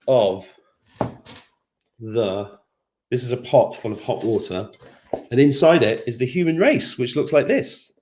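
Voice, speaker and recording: A middle-aged man chatting through a live stream from his kitchen, reading viewer comments aloud. His talk rambles, broken by hums and casual swearing, at an ordinary mid pitch. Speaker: host of an online live show. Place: home kitchen.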